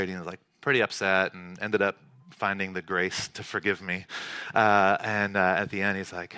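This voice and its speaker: A man preaches in a relaxed, conversational way, slipping into the voices of his family as he tells a story. His voice is bright and forward, and the sound is dry, close to the mic. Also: deep voice, normal speed, no echo. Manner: casual storytelling, acts out dialogue. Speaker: pastor. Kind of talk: sermon with personal story. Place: church hall.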